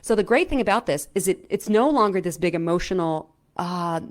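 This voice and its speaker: A middle-aged woman coaching viewers in a casual, chatty way, often checking in with "right?" and filling pauses with "um". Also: fairly low pitch. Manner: animated, chatty, lots of "right?" and "um". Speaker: self-help coach. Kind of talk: casual explainer talk to camera.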